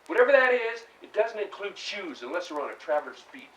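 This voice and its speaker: A man's voice: high voice, very animated, fast talker, a bit bright, recorded from a distance, a little hiss or hum, low-quality recording. An actor playing a restless young man who longs to leave home, talking intensely in bursts of feeling. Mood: brooding. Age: young adult. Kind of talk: stage play scene.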